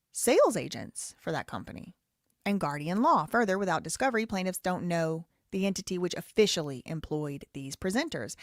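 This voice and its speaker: A woman's voice: on the low side, no room sound, studio quality. A woman hosting a live show, reading a lawsuit aloud in a casual, rambling way, with wry asides and frequent self-corrections.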